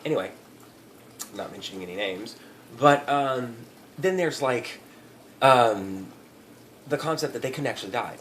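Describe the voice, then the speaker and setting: A man's voice: medium pitch, lively intonation, measured pace, pauses often, a bit bright, slight background noise. A man giving a profane, rambling comedic rant, often breaking into laughter. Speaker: vlogger.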